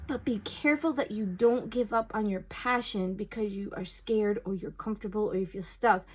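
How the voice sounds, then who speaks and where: A woman's voice: on the high side, a little mellow. Woman, intuitive reader, casual and rambling delivery, prone to exclaimed asides. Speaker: intuitive reader giving a collective message. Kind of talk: casual spiritual guidance talk.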